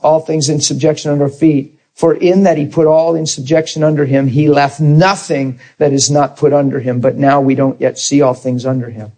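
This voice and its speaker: A man preaching, his voice a little husky and breathy. He tells a story and acts out the dialogue, lifting his voice for the other man's lines. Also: on the high side, moderate pace, few pauses. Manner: animated storyteller acting out dialogue. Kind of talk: sermon with storytelling.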